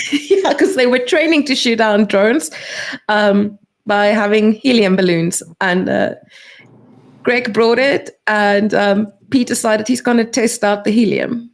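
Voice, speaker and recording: A woman chatting casually on a stream, talking quickly with many fillers. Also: medium pitch, creaky. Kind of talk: casual chat.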